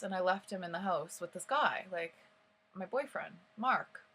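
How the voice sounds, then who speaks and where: Speaking at a normal speed in a lowish, slightly breathy voice, a young vlogger rambles through a story packed with "like." She becomes emotional and animated as she recounts it.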